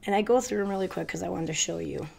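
Gravelly, stuffy-voiced woman vlogger. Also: fairly low pitch, mellow. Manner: chatty, hurried, addresses viewers directly. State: stuffy from a cold. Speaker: crafting vlogger. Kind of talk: casual haul video chat.

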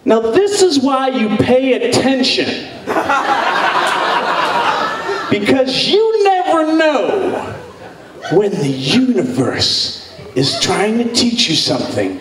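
High-voiced man telling a bawdy story on stage. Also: takes it slowly, long pauses. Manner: animated and goofy, breaks into sung nonsense sounds. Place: stage before a live audience. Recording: echoey hall, mic far off, crowd laughing.

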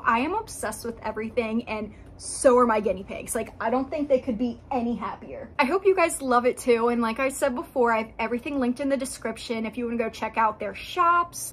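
Young woman vlogger, high voice, giggly gushing delivery, casual pet-care vlog, faint noise behind.

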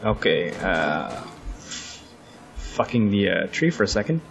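A man's voice: low-pitched, sing-song, measured pace, gravelly, faint music behind. A man co-hosting a let's play in casual, joking chat, swearing offhand and calling out moves. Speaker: gaming co-host.

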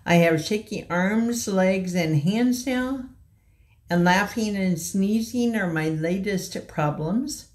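A woman in her sixties from Kansas City, giving a slow, halting personal testimony in a slightly shaky voice. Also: mid-range voice. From Kansas City, USA. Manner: slow, halting, earnest delivery with pauses. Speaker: patient telling her own story.

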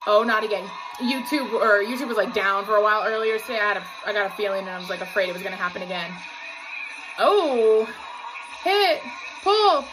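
A woman's voice: medium pitch, fairly even intonation, racing, few pauses, background noise. A young woman giving a gushing, emotional reaction commentary as a vlogger, often laughing and squealing. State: out of breath.

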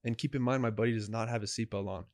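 A young man co-hosting a podcast, telling a story in a casual, animated way and acting out what people said. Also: on the low side, rapid-fire, dry recording, clean studio sound. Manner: animated, acts out dialogue. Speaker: podcast co-host.

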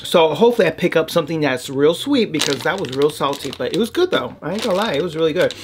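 A woman's voice: low voice, lively intonation, quick pace. A woman from the United States casually chatting while she tastes snacks, talking with her mouth full and humming mm between bites. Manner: chatty, talks while chewing, lots of mm sounds. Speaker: vlogger. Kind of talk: casual snack unboxing and tasting chat. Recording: noisy with wrapper crinkling.

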